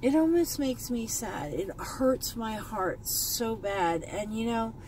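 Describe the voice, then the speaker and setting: A woman's voice: on the high side, lively intonation, slow, a little mellow, slight background noise, rough recording. A woman beauty vlogger talking in a heartfelt, rambling way from her car, choked up at times and repeating herself. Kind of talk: emotional commentary vlog. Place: in a parked car.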